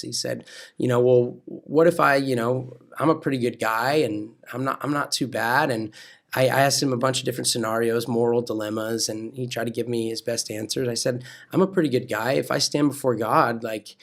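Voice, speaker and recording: An American man, a pastor and coach, telling a personal faith story in a lively way, acting out quoted dialogue and then preaching. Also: mid-range voice, vocal fry. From California. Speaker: pastor and wrestling coach, guest.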